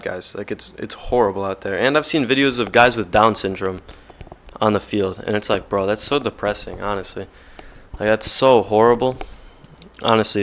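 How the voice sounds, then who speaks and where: A man's voice: fairly low pitch, a bit bright, slight background noise. A man giving casual, rambling commentary to viewers, slangy and loose, full of fillers. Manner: slangy, rambling, heavy use of fillers like and bro. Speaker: vlogger.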